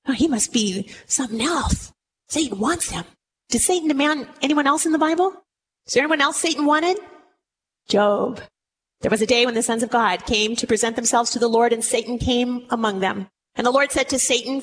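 A woman's voice: on the high side, normal speed, slight background noise, poor audio. Woman teaching scripture, chatty and questioning. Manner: lively, asks the listeners rhetorical questions. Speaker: Bible teacher. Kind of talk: conversational Bible teaching.

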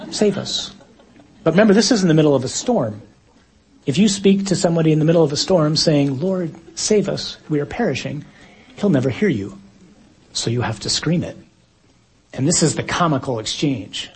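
A man preaching a reflective sermon at an evening gathering, swinging between quiet musing and dramatic loud bursts. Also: on the high side, husky.

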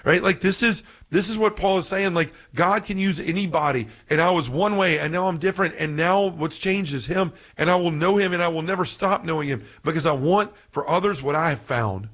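A man giving an earnest, impassioned scripture talk who gets so excited that he stumbles over his words. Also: a little high, a little fast, hardly any pauses. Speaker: Catholic podcast speaker.

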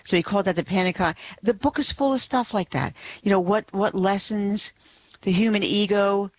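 A woman guest on a radio talk show, enthusiastic and quick to laugh. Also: medium pitch, no room sound, muffled recording. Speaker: guest, blog writer.

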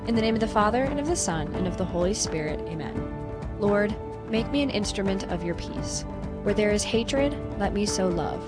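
A woman presenting a radio spot and reading a prayer in a calm, measured way. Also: mid-range voice. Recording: prayer read over loud music.

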